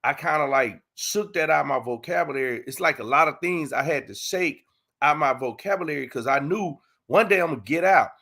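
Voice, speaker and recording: Hosting a relaxed Q and A on a livestream, a Texan man talks fairly quickly in a sharp voice on the high side. His speech is loose street slang, packed with "you know what I'm saying."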